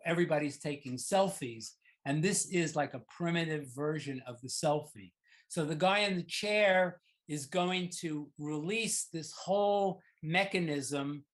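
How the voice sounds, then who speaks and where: Male artist-lecturer, fairly high voice, rambling conversational delivery over slides. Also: fairly bright tone. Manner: rambling and conversational, many fillers and restarts. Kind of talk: informal art talk over slides.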